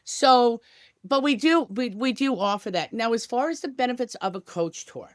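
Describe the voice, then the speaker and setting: A woman's voice: a little high, animated, moderate pace, no echo. Upbeat chatty woman, dry close mic. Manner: upbeat, chatty, many "you know" asides. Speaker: tour company guest. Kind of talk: enthusiastic podcast interview.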